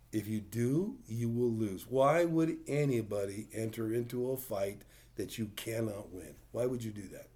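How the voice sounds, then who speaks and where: A man's voice: lowish voice, dark tone. A man preaching a conversational sermon, plain-spoken and full of rhetorical questions. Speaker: pastor.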